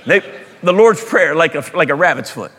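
Pastor, male, slightly high voice, animated sermon delivery, loud bursts and quiet asides, long reverb of a church hall. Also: moderate pace, breathy edge. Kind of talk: sermon with storytelling.

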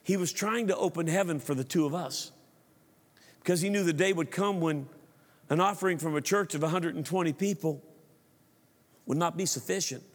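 A pastor delivers a sermon with earnest, preacherly emphasis, often repeating words as he tells a story. His voice sits a little high for a man. The sound carries a long reverb from a large church sanctuary.

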